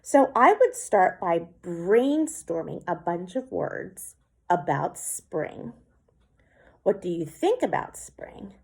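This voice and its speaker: With a lowish, very animated voice, a woman teacher leads a slow, clear poetry lesson for children, sounding out words one syllable at a time.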